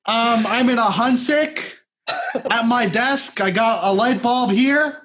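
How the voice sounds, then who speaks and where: A man doing an impression of a quirky older filmmaker giving a slow, deadpan weather report, pitched above his normal voice. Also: heavily acted. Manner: slow, deadpan, drawn-out delivery.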